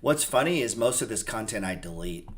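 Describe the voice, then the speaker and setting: Low-voiced man rambling casually. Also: lively intonation, brisk. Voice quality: rambling, profane, loose and joking. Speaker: trading channel host. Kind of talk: casual unscripted livestream chat.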